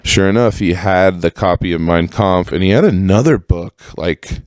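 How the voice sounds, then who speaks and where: Young male podcast host, low voice, dry close sound, profane rambling storyteller. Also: normal speed, dry recording. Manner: profane, rambling, full of fillers and self-corrections. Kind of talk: casual storytelling monologue.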